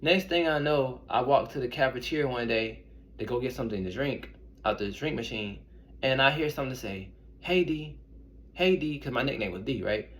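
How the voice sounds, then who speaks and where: A man's voice: mid-range voice, a little fast, a bit bright, slight background noise. A young man, an intuitive reader, casually telling personal stories to his viewers in a rambling, conversational way. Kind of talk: casual storytelling to camera.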